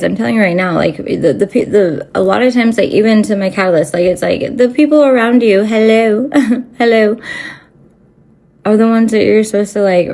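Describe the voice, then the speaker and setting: A darkish tone colors her medium-pitched voice. The host of a spiritual channel, she addresses the camera in an unplanned rant that rambles, turns profane, and is littered with fillers and restarts.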